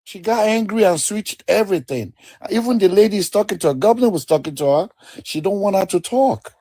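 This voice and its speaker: A man's voice: high-pitched, animated, fairly quick, dark tone, slightly rough, no echo. A man on a live debate stream, speaking in an indignant, repetitive, rambling way.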